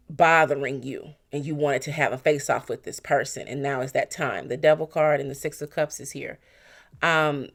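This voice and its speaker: Tarot reader, casual and blunt, mid-pitched, animated delivery with mocking asides. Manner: animated, acts out quotes in mocking voices; blunt, talks straight to the viewer. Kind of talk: casual tarot reading to viewers.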